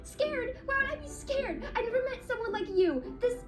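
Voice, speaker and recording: A woman voicing a bubbly, excitable teenage girl with a Valley Girl accent in a homemade comic dub. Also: very high-pitched, normal speed, voice pushed up. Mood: excited. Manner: gushing, breathless excitement. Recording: music playing behind.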